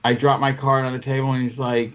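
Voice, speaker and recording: A man's voice: mid-range voice, flat delivery, quick pace. A man co-hosting a podcast, swearing freely as he tells stories and acts out both sides of his run-ins. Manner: profane storyteller who acts out both sides of his arguments. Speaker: podcast co-host. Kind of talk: casual chat. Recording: dull lo-fi podcast audio.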